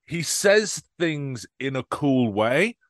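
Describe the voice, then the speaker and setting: A man's voice: mid-range voice, sing-song, slow, no echo, clean studio sound. A man co-hosting a film podcast from home, chatting casually and laughing often as he rattles off titles. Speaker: podcast co-host. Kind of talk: casual film-review chat. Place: remote recording, apart from co-host.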